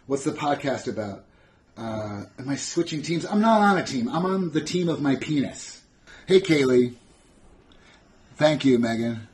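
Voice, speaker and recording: A man's voice: on the high side, darkish tone, slight background noise. A young adult man hosting a casual live-stream Q&A, reading chat questions aloud and answering them bluntly with sarcasm and swearing. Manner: sardonic, blunt, swears freely.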